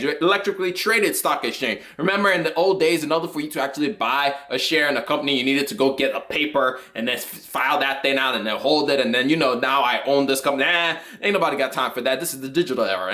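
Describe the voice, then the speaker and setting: Brief: young male finance explainer, high-pitched and excitable, casual and playful. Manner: animated, jokey, occasionally shouts with excitement. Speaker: finance YouTuber.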